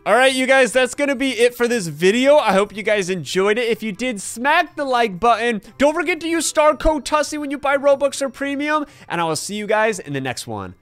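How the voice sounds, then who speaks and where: Excitable man narrating a game, high lively voice. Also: brisk, hardly any pauses, soft background music. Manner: excitable, yelps and laughs at danger. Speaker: gaming channel host. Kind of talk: let's play commentary.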